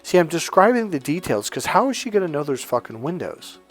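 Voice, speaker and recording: A man talking as a dating coach in a casual monologue, profane and animated, acting out the voices of the people he quotes, with faint music behind him. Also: fairly high pitch, a little fast.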